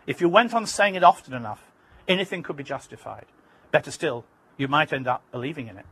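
A man's voice: on the high side, fairly bright tone, slightly rough, low-quality recording. A man from Britain, an author giving an emphatic, vivid reading from his own memoir.

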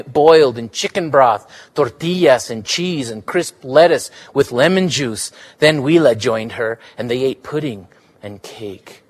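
A man reading a story slowly. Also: medium pitch. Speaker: reader. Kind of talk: live fiction reading.

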